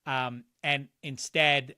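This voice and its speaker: A middle-aged man from around Pittsburgh with a warped, hard-to-place American accent, chatting as a guest on a sports podcast, animated and jokey with quick comic impressions. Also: medium pitch, smooth, dry recording, clean studio sound. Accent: warped, hard-to-place Pittsburgh-influenced American. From Pittsburgh area. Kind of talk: casual sports podcast chat.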